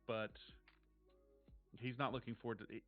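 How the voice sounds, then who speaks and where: Game master, man, mid-pitched, casual swearing, lo-fi stream sound. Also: flat delivery. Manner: descriptive, measured, casual swearing. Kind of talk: narrating a tabletop game. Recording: dull lo-fi stream audio with faint music.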